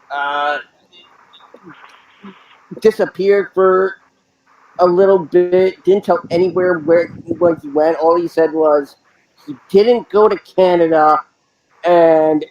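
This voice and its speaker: High-voiced man with teasing asides. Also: darkish tone. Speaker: podcast co-host. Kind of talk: casual banter. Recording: dull lo-fi audio with faint noise.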